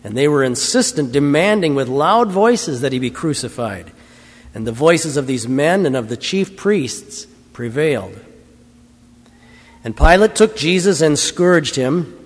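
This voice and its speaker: Man reading scripture in a church, fairly high voice, measured and formal, long reverb. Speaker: scripture reader.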